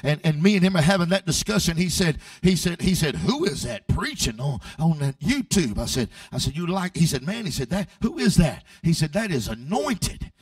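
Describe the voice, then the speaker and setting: A man preaching and telling a story, moving from quiet telling to loud, sung shouts and often repeating words as he restarts. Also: fairly high pitch, sing-song, moderate pace, few pauses, no room sound, clean studio sound, distant mic. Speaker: evangelist preacher. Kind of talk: sermon with storytelling.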